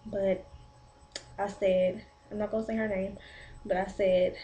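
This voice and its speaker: A pregnant teenage girl tells a rambling story to her camera, leaning on "like" over and over. Her voice is mellow and a little dark, never sharp. A faint hiss of room noise sits underneath. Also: mid-range voice, unhurried, low-quality recording. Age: 17 to 19, teen. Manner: rambling, animated retelling with many "like" fillers. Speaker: vlogger. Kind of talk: casual storytelling vlog.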